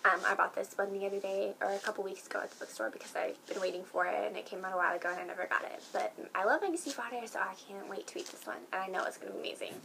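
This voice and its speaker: A young woman excitedly chatting in a casual vlog, gushing about things she loves with lots of fillers. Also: mid-range voice, rapid-fire, creaky, hardly any pauses, slight background noise, rough recording. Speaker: book vlogger.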